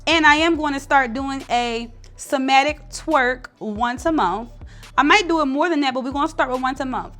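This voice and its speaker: A woman's voice: high voice, moderate pace, fairly bright tone, faint music behind. A woman giving casual motivational talk to camera, blunt and slangy, with lots of emphatic stress. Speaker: spiritual content creator.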